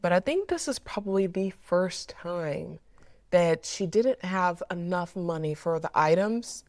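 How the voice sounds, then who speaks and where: A woman's voice: on the low side, animated, measured pace, a little mellow, no room sound. A woman therapist sharing a personal parenting story in a candid, reflective way, often repeating words as she thinks. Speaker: mental health therapist.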